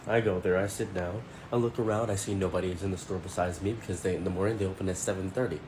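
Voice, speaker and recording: Blunt man telling a story, low voice. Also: steady tone, quick pace, background noise. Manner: blunt, indignant, conversational. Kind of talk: first-person story narration.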